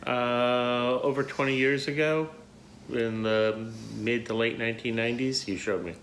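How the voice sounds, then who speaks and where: A man's voice: mid-range voice, steady tone, a little slow, fairly bright tone, slight background noise. A man co-hosting, making brief dry remarks. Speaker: co-host.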